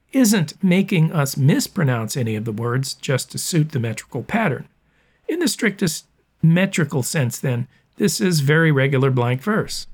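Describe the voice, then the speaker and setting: Fairly high-voiced man explaining verse. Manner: measured and explanatory, with dry humor. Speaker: teacher of verse speaking. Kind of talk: spoken lesson.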